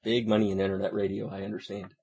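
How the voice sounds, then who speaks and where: A man's voice: fairly low pitch, flat delivery, rapid-fire, a little mellow, husky, muffled recording. A man voice actor trading dry, wry jokes with his director between takes. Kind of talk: joking banter between takes.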